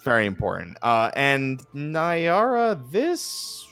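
Jersey man as a laid-back tabletop game master, rambling and animated, over faint background music. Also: medium pitch, slow pace, smooth. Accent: New Jersey. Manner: chatty, laughing, full of fillers.

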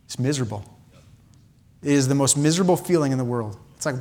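A man's voice: medium pitch, expressive, quick pace, long pauses, a little mellow. A man preaching a sermon in a church, impassioned, with repeated phrases and many restarts. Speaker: pastor.

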